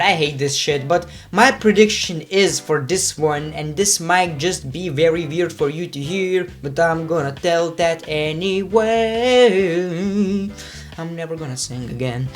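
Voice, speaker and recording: A man's voice: a little high, unhurried, hardly any pauses, faint music behind. A man giving casual, rambling wrestling predictions, swearing freely and cutting himself off mid-sentence. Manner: profane, rambling, self-interrupting.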